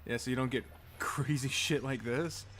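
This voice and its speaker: A man's voice: mid-range voice, fairly even intonation, normal speed, fairly bright tone, slight background noise. A man casually commenting on a game during a live stream, joking, laughing and swearing freely.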